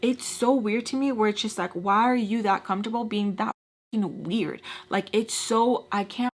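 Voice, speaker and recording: A woman's voice: medium pitch, normal speed. A woman telling a personal storytime to camera in a casual way, swearing freely and acting out the people in her story. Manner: expressive, swears freely, acts out scenes with quoted voices. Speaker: storytime vlogger.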